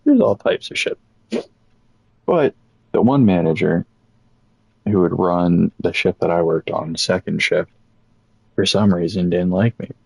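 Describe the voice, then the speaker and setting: A young man casually telling a rambling, profane story about old jobs, animated as he quotes people. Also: low-pitched, unhurried, vocal fry, long pauses, slightly rough, no room sound, low-quality recording.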